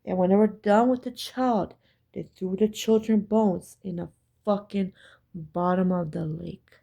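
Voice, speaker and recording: Slow, emphatic, swearing woman storyteller. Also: mid-range voice, steady tone, vocal fry, dark tone, highs cut off. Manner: profane, emphatic, repetitive. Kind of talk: casual storytelling vlog.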